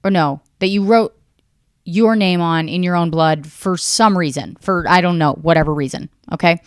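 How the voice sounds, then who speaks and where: A woman in her thirties hosting a podcast, delivering a profane, deadpan, rambling solo comedy rant. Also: lowish voice, normal speed, clean tone, dry recording, clean studio sound. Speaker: podcast host.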